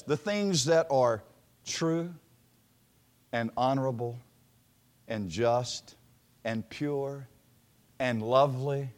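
A man preaching a sermon, swinging from loud proclamation to a hushed near-whisper and drawing out his words with emphasis. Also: fairly high pitch. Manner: slow, emphatic delivery with repeated words.

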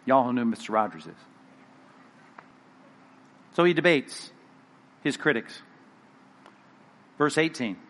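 Animated man preaching a conversational sermon. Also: a little high. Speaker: pastor.

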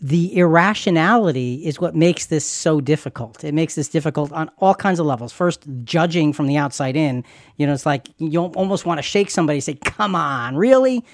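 A man's voice: on the high side, a little fast, no echo, studio quality. A man who is a pastor and podcast host, talking earnestly and reassuringly about faith, repeating phrases for emphasis. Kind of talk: conversational Christian podcast teaching.

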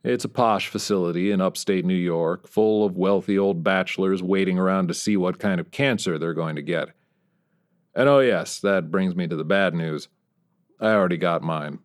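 A man narrating a first-person story in a wry, dry voice with dark humor. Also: sits low. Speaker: audiobook narrator.

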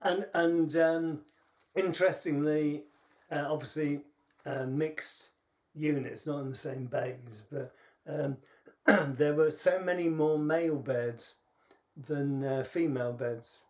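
A middle-aged British man co-hosting a podcast in casual chat, telling stories in a halting way and laughing at his own anecdotes. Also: a little high, darkish tone. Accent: British English. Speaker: podcast co-host.

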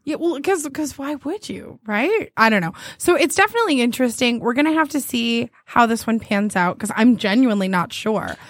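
A woman's voice: on the high side, animated, brisk, few pauses, no room sound, clean studio sound. Giggly woman chatting on a podcast. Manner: giggly, reads dating profiles aloud with frequent laughter. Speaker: podcast co-host. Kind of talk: casual chat.

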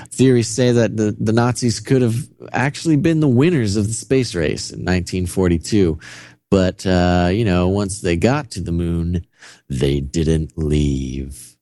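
Deep-voiced sarcastic man, dry close mic. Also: mellow, dry recording. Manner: sarcastic, laughing, wry. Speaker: podcast co-host. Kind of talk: casual conspiracy-theory chat.

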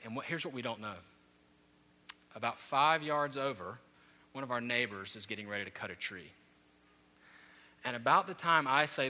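Bright-voiced preacher in a reverberant hall. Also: male voice, medium pitch, moderate pace, long pauses. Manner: storytelling, rising to loud animated peaks. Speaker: pastor. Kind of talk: sermon.

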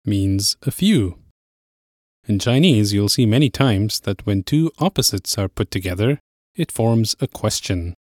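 A man hosting an audio language lesson, explaining words in a clear, steady way and slowing down on key phrases. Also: fairly low pitch, no echo, studio quality.

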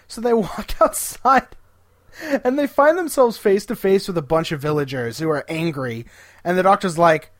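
A podcast co-host casually recapping an episode, animatedly retelling scenes and quoting characters in quick voices. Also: mid-range voice, expressive, dry recording, studio quality.

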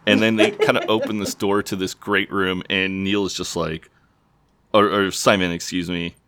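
Deep-voiced man recapping scenes. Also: flat delivery, heavy background noise. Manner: retells scenes with quick voices and laughs. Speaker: podcast co-host. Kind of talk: casual recap chat.

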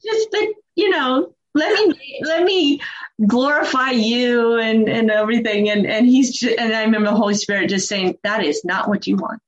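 A woman's voice: on the high side, moderate pace, hardly any pauses. A woman hosting a podcast interview, chatting casually and affirming her guest often. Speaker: podcast host. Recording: dull lo-fi sound.

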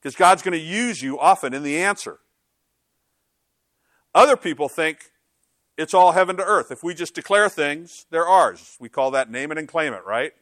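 A man's voice: fairly high pitch, expressive, moderate pace, a bit bright, no room sound, clean studio sound. A male pastor preaching a sermon in a conversational, emphatic way, with frequent rhetorical questions.

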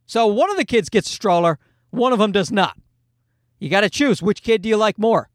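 A middle-aged man doing a stand-up comedy routine, telling an exasperated story about his kids with loud acted-out asides. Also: high voice, expressive, a little fast, dry recording, studio quality.

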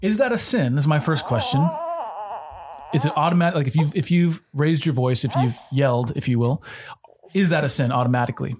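A man co-hosting a faith podcast, talking through a question about parenting in an earnest, measured way, thinking aloud with restarts. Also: on the high side, a crowd in the background. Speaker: podcast co-host. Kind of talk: conversational discussion.

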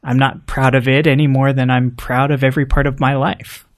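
A man co-hosting a podcast, speaking earnestly and haltingly in casual conversation. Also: medium pitch, flat delivery. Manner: earnest, halting, repeats words. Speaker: podcast co-host.

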